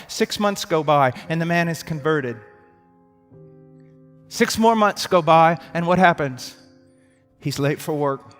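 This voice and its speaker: A man preaching a sermon with dramatic swings from loud outbursts to hushed tones. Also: a little high, lively intonation, measured pace, long pauses. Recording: long reverb in a hall, faint music.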